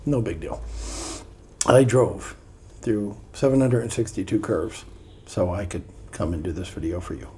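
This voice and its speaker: A man's voice: on the low side, normal speed, darkish tone, slight background noise. A man reading aloud from a self-help book and adding playful, sarcastic comments in a casual vlog.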